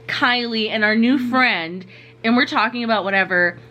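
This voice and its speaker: A woman's voice: a little high, moderate pace, pushed and bright, dull audio. A young woman vlogger, a little tipsy, telling a night-out story in a casual, slangy way with lots of "like". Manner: laid-back, slangy, says "like" a lot.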